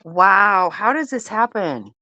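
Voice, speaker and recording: Woman, middle-aged, live-stream host, casual chat, laughs a lot, exclaims in disbelief, bright forceful tone, dry close sound. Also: mid-range voice, animated, slow, no room sound.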